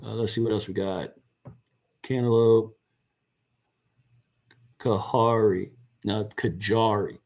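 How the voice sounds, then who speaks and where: A man's voice: fairly low pitch, steady tone, moderate pace, vocal fry, pauses often, mellow. Chatty man hosting a live stream. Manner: chatty, answers viewer questions, self-correcting. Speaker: gardening channel host. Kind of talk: casual live-stream chat. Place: indoors by a seed box.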